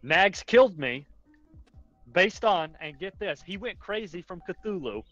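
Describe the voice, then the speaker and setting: A man's voice: high voice, expressive, measured pace, a bit bright, dry recording, soft background music. A man from the Carolinas with a mild Southern accent, a podcast guest rambling through exasperated stories with frequent laughs. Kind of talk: casual chat. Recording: dull lo-fi voice chat audio.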